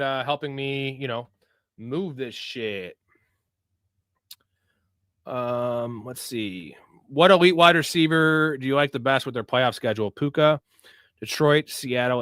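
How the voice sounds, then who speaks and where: A man's voice: mid-range voice, bright, forceful tone, clear, resonant tone, no room sound, studio quality. A young man hosting a live sports betting show, chatting casually and loosely with viewers in profane, hyped-up bro talk. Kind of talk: casual livestream chat answering viewer questions.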